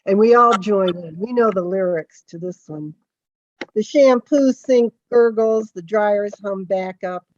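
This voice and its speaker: A woman's voice: medium pitch, no echo. A woman poet reading her poem aloud over a video call, chatting unhurriedly before she begins. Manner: unhurried, conversational between poems. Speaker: poet reading at a literary event. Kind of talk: poetry reading. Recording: dull, dry video call audio.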